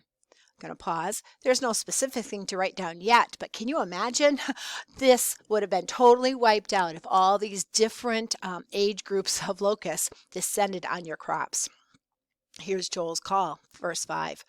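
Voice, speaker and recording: A woman teaching a Bible lesson, speaking casually to students and reading scripture aloud with deliberate stress and pauses. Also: mid-range voice, no echo. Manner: conversational, with fillers and restarts.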